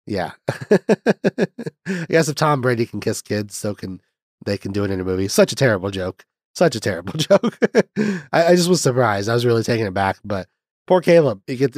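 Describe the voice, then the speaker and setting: A man's voice: mid-range voice, darkish tone, dry recording, clean studio sound. A man hosting a podcast, telling a film's story in a rambling, casual way, swearing often and laughing at his own jokes. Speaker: podcast host recapping a film. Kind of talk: casual movie recap.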